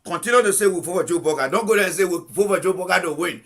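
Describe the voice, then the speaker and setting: A combative man with a Liberian accent delivering political commentary on a live stream. His voice sits high and gravelly, with a bright, husky edge. He hammers his points home with repeated rhetorical questions. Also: rapid-fire. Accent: Liberian English.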